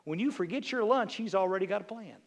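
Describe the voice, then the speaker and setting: A man preaching a sermon as a bishop, reading scripture quietly and then building to emphatic, repeated appeals to the congregation. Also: high voice, expressive, fast talker.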